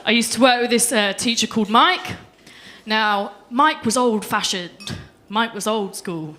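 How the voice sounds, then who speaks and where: A young woman performing a deadpan stand-up set on a comedy club stage. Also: fairly high pitch, measured pace. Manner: deadpan storytelling with voiced quotes.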